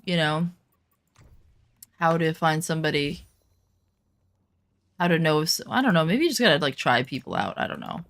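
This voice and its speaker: Woman streamer rambling while she plays, kinda low voice, lots of likes and um. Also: creaky, a bit bright. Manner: rambling and chatty, many fillers. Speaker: game streamer. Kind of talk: casual gaming stream chat.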